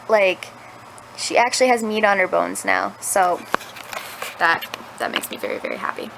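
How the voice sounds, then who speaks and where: A woman's voice: mid-range voice, moderate pace, gravelly, pauses often, background noise. A young woman telling a rambling story to her camera at home, full of "like" fillers. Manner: chatty, rambling, lots of "like" fillers. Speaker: vlogger. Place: at home indoors. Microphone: camera mic.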